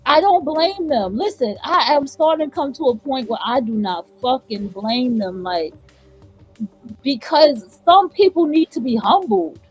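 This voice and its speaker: High-voiced, outspoken woman host. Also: expressive, measured pace, breathy edge, faint music behind, rough recording. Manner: outspoken, profane, sassy. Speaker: livestream host. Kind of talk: casual commentary reacting to clips.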